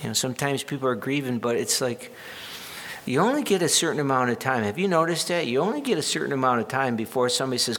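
A man's voice: mid-range voice, animated, fast talker, fairly bright tone. Conversational male preacher, wry asides. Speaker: pastor. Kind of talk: sermon.

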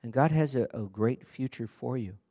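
A man's voice: medium pitch, moderate pace, dark tone. A man preaching an earnest, conversational sermon, often asking the congregation direct questions. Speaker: pastor.

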